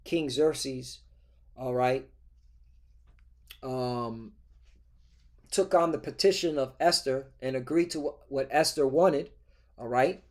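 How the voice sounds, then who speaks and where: This preacher's voice sits at medium pitch, and he takes it slowly with long pauses. He reads verses aloud during his sermon, combative in tone, breaking in again and again with "all right? okay?"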